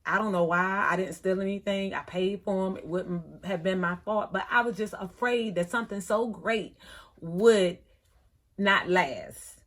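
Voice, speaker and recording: A middle-aged woman, telling a story in a chatty, animated way, acting out the other people in it. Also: medium pitch, measured pace. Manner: chatty, animated retelling with quoted voices. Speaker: thrift vlogger. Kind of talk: casual storytelling vlog.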